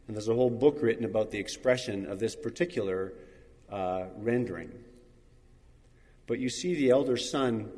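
A man preaches in a church hall, reading scripture and acting out the voices of the people he quotes. His pitch moves a lot as he talks. A long reverb trails after each phrase. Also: darkish tone. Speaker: pastor. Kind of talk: sermon.

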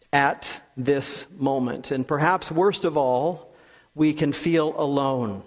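Slow, earnest preacher in a reverberant hall. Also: male voice, steady tone. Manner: slow, earnest, with long pauses and drops to a soft low voice. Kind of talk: sermon.

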